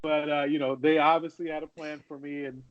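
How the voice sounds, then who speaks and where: Man, 40s, podcast storyteller with a fairly high voice, dull dry lo-fi audio. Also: little pitch movement, brisk, dry recording. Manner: anecdotal, repeats and restarts phrases. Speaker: podcast co-host, former football player. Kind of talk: casual storytelling chat.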